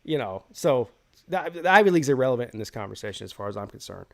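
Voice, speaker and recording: A man's voice: medium pitch, sing-song, quick pace, vocal fry, a bit bright. A man hosting a live college football call-in show, giving his opinions in rambling casual talk full of restarts.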